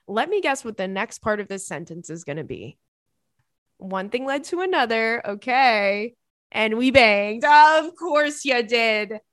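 A woman's voice: mid-range voice, a bit bright, no room sound, studio quality. A young woman hosting a podcast, chatty and giggly, reading sponsor ads and listener messages. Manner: chatty, giggly, lots of "like" fillers. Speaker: podcast host. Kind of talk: casual chat and ad read.

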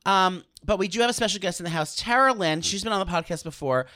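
A man's voice: sits high, quick pace, sharp tone, no room sound, studio quality. A man co-hosting a comedy podcast, rambling and joking crudely with his guests, hungover. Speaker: podcast co-host. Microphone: studio microphone.

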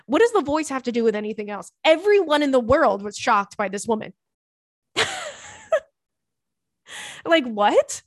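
A young woman hosts a podcast, chatting casually and reading listener messages with profane, animated asides and quick put-on voices. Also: fairly high pitch, no room sound, studio quality. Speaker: podcast host.

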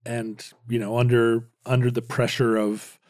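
A man's voice: mid-range voice, flat delivery, unhurried, darkish tone, no echo, clean studio sound. A man co-hosting a casual history chat, rambling with many restarts and playful jokes. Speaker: podcast co-host.

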